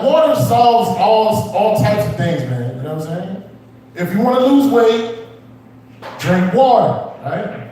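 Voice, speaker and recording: A man's voice: sits high, darkish tone, recorded from a distance, slight background noise. A young man doing a rambling stand-up set at a small open mic, swearing and chatting with the crowd. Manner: loose, rambling, swearing, crowd-work asides. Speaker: stand-up comedian. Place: small comedy club. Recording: roomy echo, off-mic.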